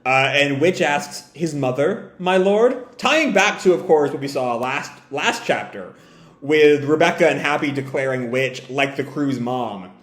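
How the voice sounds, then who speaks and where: Halting man reacting in an echoey room. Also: medium pitch, animated, fairly bright tone. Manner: halting, with frequent fillers and self-corrections. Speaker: manga reaction video host. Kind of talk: reading a comic chapter aloud with live reactions. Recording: roomy echo.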